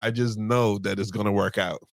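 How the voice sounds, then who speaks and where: A man co-hosting a casual podcast chat about marriage, a relaxed storyteller who acts out past conversations. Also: fairly low pitch, a little fast, gravelly, no room sound. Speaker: podcast co-host.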